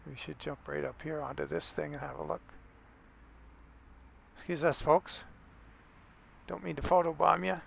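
A man's voice: a little high, little pitch movement, moderate pace, creaky, long pauses, a bit bright, dull audio, slight background noise. A man giving a casual, rambling game tutorial, correcting himself as he goes and chuckling now and then.

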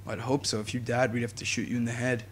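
A young man giving jokey, excitable commentary while playing a video game, talking to his viewers and yelling at enemies. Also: medium pitch, fast, slight background noise. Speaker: gaming YouTuber. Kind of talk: let's play commentary.

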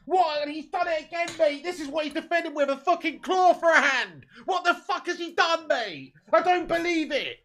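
A man's voice: very high-pitched, animated, normal speed, few pauses, pushed and bright. A man ranting and swearing through a live football watchalong, full of exasperated outbursts. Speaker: football fan streamer.

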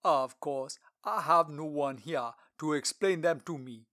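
A man's voice: on the high side, unhurried, bright, forceful tone, dry recording, studio quality. Man playing a stately royal treasurer. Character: dignified Ethiopian lord treasurer, courteous older official.

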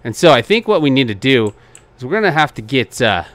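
A man giving excitable gameplay commentary as a channel host, laughing often and coaxing the other players with reassurance. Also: mid-range voice, fairly quick.

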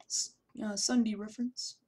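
A young woman commenting on her own gameplay, shouting taunts in bursts and then muttering to herself. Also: mid-range voice, steady tone, normal speed, slightly rough. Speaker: gameplay YouTuber.

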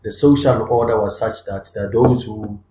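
A man's voice: on the low side, steady tone, moderate pace, warm tone. A man co-hosting a podcast, talking earnestly and building up points with repeated restarts and emphatic rises. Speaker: podcast co-host. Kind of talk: conversational discussion. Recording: echoey room.

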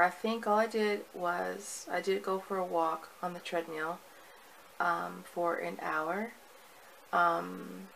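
A woman's voice: on the low side, creaky, a little hiss or hum, poor audio. A woman recording a casual video diary at home, chatty and rambling, with many fillers and restarts. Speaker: vlogger.

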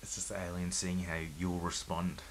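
A man with a low voice co-hosting a podcast. He muses in an explanatory way during casual chat, with faint noise behind him. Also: completely flat delivery, normal speed. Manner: musing, explanatory. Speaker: podcast co-host.

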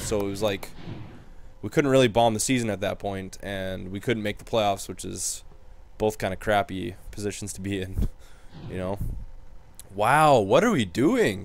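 A man's voice: on the low side, a little hiss or hum. A young man commenting casually on his own video game session, rambling and exasperated as he talks to himself. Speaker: gaming commentator.

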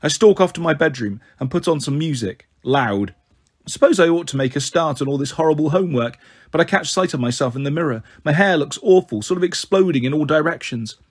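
Husky man reading a novel aloud. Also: on the high side, expressive, fairly quick. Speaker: audiobook reader. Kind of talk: first-person novel reading.

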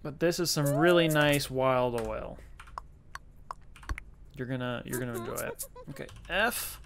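Over background noise, a man with a mid-range voice speaks a little slowly while doing casual let's-play commentary. The gaming YouTuber chats, pokes fun at himself, and addresses the characters in the game.

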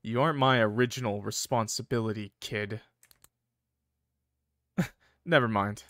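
A man's voice: on the low side, a little slow, fairly bright tone, voice pushed down. A man voicing a smug, cocky male guardian angel, reading game dialogue in a playful, sly drawl. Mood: teasing.

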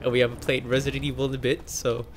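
A man's voice: mid-range voice, racing, a little hiss or hum. A young man casually commenting on a co-op game, laughing, swearing and yelping whenever his character gets hit. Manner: laughing, excitable, swears, yelps when hit. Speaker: co-op gameplay streamer.

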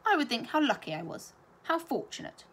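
A stern, gaunt older governess speaks in a gruff, dry and clipped manner, as a woman reads her lines. It sounds like a storybook read aloud. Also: high voice, sing-song, a little fast, a bit bright, pitched above the performer's own voice, full character voice.

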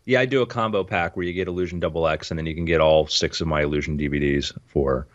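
A man's voice: very deep voice, quick pace, lo-fi sound. A man who designs illusions and writes books, chatting casually and rambling about his work. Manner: rambling, self-promoting. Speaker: illusion designer and book author. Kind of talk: casual chat.

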